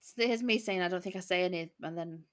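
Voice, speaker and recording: Late-30s woman chatting on a podcast, slightly low voice, telling little stories from work. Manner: chatty storytelling, quick laughs. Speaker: podcast co-host. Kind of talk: casual chat.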